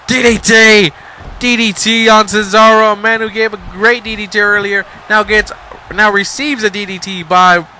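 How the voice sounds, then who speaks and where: A man calling a wrestling match play by play, excitable and hyped, with playful trash talk and slang, jumping between shouts and low asides. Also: poor audio. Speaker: wrestling game commentator. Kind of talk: play-by-play commentary.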